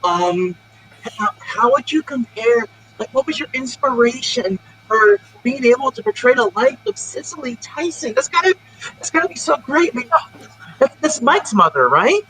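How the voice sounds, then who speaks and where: A woman's voice: on the high side, very animated, moderate pace, a bit bright, a little hiss or hum, low-quality recording. A woman performing improv comedy, stammering through long rambling questions.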